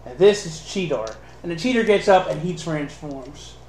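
A man playing Optimus Prime, a noble male robot leader, and speaking in a measured, formal way. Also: on the high side, animated, darkish tone, slight background noise, voice pushed down, lightly acted. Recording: roomy echo.

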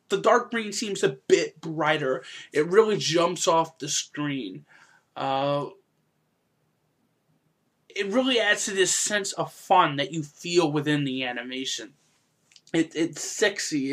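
Chatty, laughing podcast host, fairly high voice. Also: male voice. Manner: chatty, laughs often, bursts into loud impressions. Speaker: podcast host reviewing an anime. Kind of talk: casual podcast review.

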